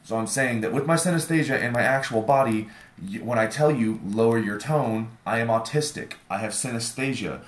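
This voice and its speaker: A man with a loud, forceful voice rants and swears in a heated argument with his partner. His pitch sits at an ordinary middle. The sound bounces around an echoey room. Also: a little fast. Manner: ranting, profane, insistent.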